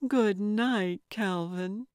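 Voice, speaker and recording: A woman's voice: mid-range voice, takes it slowly, darkish tone, no echo, studio quality. A woman voicing a smug, sugary-sweet woman who speaks in a syrupy way.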